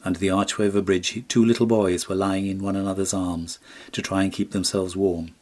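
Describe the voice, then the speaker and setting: A man narrating a classic storybook in a measured, expressive reading. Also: sits low. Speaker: audiobook narrator.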